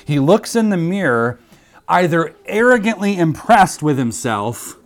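A man's voice: fairly high pitch, very animated, measured pace. A man preaching a sermon, earnest and emphatic, repeating key phrases for weight.

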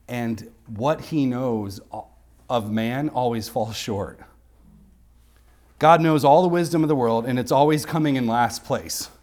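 A man, a pastor, preaching an expository sermon with emphatic rises and quiet asides. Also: medium pitch. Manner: emphatic, rising to sharp exclamations and dropping to quiet asides. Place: church sanctuary.

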